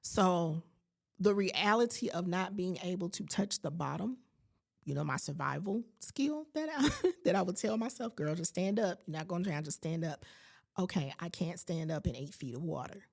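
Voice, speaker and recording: A woman in her late forties hosts a podcast and tells a personal story in her own words. Her voice sits low with a gravelly edge. She brings the retold moments to life and slips into faith-filled, preacherly asides. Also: moderate pace. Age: late 40s. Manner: animated storyteller who acts out her own reactions. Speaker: podcast host.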